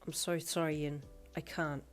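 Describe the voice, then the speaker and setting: A woman voicing a gentle young woman who speaks softly and apologetically. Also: sits low, flat delivery, moderate pace, close to an everyday voice. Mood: apologetic. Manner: soft, apologetic. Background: faint background music.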